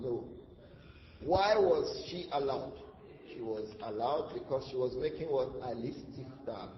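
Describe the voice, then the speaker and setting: A man's voice: on the high side, moderate pace. A man giving a religious lesson, asking rhetorical questions and answering them himself, with Arabic terms that he then explains. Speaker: Islamic teacher. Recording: dull, echoey hall with faint noise.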